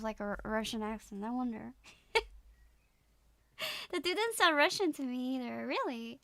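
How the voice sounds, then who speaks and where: A woman's voice: fairly high pitch, normal speed, vocal fry, long pauses, fairly bright tone, no echo, studio quality. A young woman from the Netherlands, a native Dutch speaker, chatting casually on a live stream in a rambling, giggly way full of filler words.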